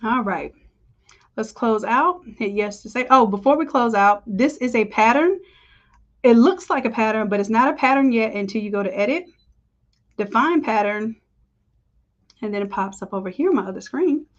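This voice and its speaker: A woman's voice: fairly high pitch, lively intonation, normal speed, long pauses, dull audio. A woman teaching design on a live screen-share tutorial, talking in a chatty, upbeat way and calling her viewers y'all. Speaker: design instructor.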